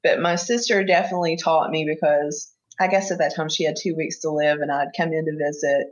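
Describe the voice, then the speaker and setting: A woman speaking as an interview guest, earnest and halting, with many fillers and restarts as she talks openly. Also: low voice, fairly even intonation, poor audio. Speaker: interview guest, family caregiver. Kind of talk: emotional personal conversation.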